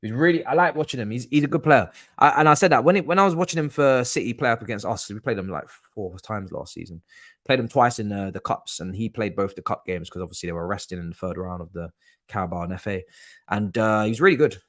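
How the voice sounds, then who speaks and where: A young man hosting a live football watchalong, chatting casually, repeating himself and swearing, going from mumbled asides to loud exasperated rants. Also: on the low side, expressive, fast. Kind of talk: casual live-stream chat.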